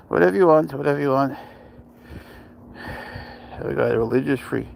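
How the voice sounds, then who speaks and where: A man's voice: medium pitch, moderate pace, creaky, pauses often, a little mellow. A young man from Spain, outdoors, coaxing and cheering on his cat in a playful way. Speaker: pet owner filming his cat. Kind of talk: casual talk to a pet.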